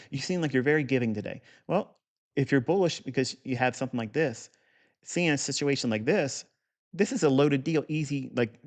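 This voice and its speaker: A middle-aged man giving an unscripted trading lesson in a blunt, profane way, with rambling asides. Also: medium pitch. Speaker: trading teacher.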